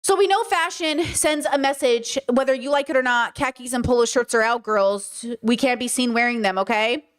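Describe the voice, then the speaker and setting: A woman's voice: a little high, normal speed, hardly any pauses, clean tone. A woman hosting a commentary livestream, talking emphatically and asking her audience rhetorical questions. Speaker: streamer host.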